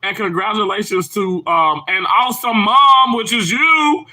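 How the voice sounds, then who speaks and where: A man's voice: high-pitched, big pitch swings, slow pace, pauses often, pushed and bright. A man from Mississippi with a Southern accent, hosting a livestream and chatting casually with viewers, bubbly and laughing often. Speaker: livestream host. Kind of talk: casual chat reading viewer comments.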